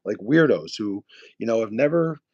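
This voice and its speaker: A man's voice: on the low side, expressive, normal speed, a little mellow, dry recording, muffled recording. A young man from New City, streaming live and trash-talking viewers in profane, mocking chat. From New York City.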